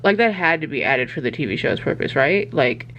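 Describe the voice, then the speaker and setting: Late at night at home, a young woman vlogs into a handheld camera, tired but gushing excitedly about a book and swearing freely. Her deep voice comes fairly quickly, with the highs cut off and slight background noise.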